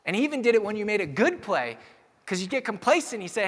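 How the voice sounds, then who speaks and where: Young male keynote speaker, storytelling style that builds to energetic audience address, slightly high voice, reverberant hall. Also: fast talker.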